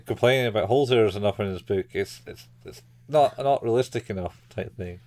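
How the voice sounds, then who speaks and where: A man co-hosting a casual podcast chat who laughs a lot and acts out quoted lines in a high, squeaky voice. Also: normal speed, hardly any pauses, a little mellow. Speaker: podcast co-host. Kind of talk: casual chat reviewing an anime.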